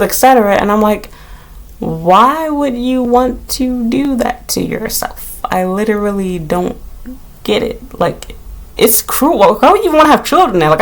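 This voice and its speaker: Animated, rambling woman vlogging at home. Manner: animated, rambling, heavy use of "like", swears freely; shrieks and jumps high when retelling her panic. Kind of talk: casual rambling vlog monologue. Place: at home in her small apartment.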